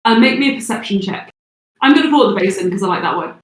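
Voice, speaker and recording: A woman's voice: medium pitch, expressive, racing, background noise. Woman game master in an echoey room. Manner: hesitant with frequent fillers. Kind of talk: narrating a tabletop game.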